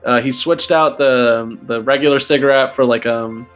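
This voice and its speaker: A man's voice: medium pitch, steady tone, moderate pace, fairly bright tone, smooth, soft background music. A man narrating as game master of a tabletop game, rambling with many fillers and laughing as he goes.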